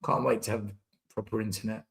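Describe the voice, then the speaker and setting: A man's voice: fairly low pitch, flat delivery, brisk, gravelly. A young man hosting a live football watchalong, exasperated, swearing and repeating himself as he reacts. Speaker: fan channel host. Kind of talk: live match watchalong commentary.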